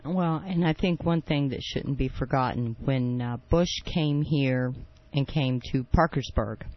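Hoarse earnest man on talk radio. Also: mid-range voice, measured pace, highs cut off. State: losing his voice.

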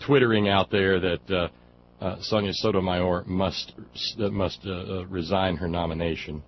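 Male talk radio host, low-pitched, combative and mocking, loose delivery, muffled audio. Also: steady tone, a little slow. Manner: sarcastic, combative, many fillers and restarts. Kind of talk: political talk radio monologue. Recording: dull lo-fi radio audio with faint noise.

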